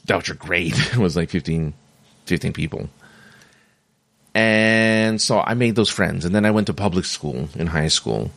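A man's voice: deep voice, vocal fry, fairly bright tone, dry recording. A middle-aged man casually telling personal stories, rambling and restarting his sentences and laughing at himself, with the hiccups. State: has the hiccups. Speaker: vlogger sharing personal stories. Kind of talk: casual monologue.

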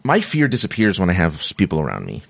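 A middle-aged man with a very low voice talks through a personal story in a loose, rambling way, doubling back and laughing at himself. He has the hiccups. The sound is dry and close, with no room echo. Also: huge pitch swings, fast, vocal fry, husky. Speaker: vlogger sharing personal stories. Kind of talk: casual monologue.

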